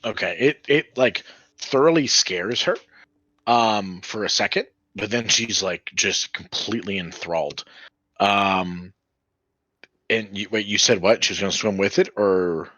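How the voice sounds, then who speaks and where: A man's voice: lowish voice, measured pace, pushed and bright, no room sound, dull audio. A man running a tabletop game as game master, rambling with many fillers.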